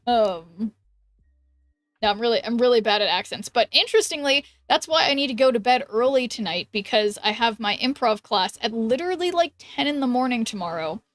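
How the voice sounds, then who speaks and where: A woman's voice: fairly high pitch, lively intonation, normal speed, dry recording. An American woman streaming a game, chatting casually and giggling, trailing off with ums. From United States. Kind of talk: casual chat while gaming. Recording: dry close mic with faint background music.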